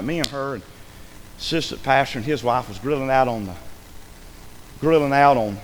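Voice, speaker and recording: Fervent preacher in an echoing hall. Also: male voice, mid-range voice, slight background noise. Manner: fervent storytelling, swings between hushed and shouted. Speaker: pastor. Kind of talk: sermon. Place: church sanctuary. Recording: echoey hall with faint ambience.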